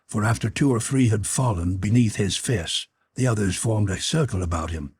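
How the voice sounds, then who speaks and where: A man reading an adventure novel aloud as an audiobook narrator, in a measured, dramatic way. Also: fairly low pitch, a little mellow, husky. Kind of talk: scripted narration.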